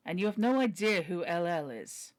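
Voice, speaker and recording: A woman's voice: fairly low pitch, animated, moderate pace, lightly acted. A woman voicing a decisive young male baronet while reading a novel aloud. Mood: brisk.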